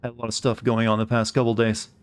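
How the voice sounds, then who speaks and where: An American man, a game streamer, talking casually with his chat as he plays. He keeps a dry, joking tone at an ordinary middle pitch. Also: monotone, fast talker, smooth. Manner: wry, chatty, talks to chat. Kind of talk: casual live game commentary.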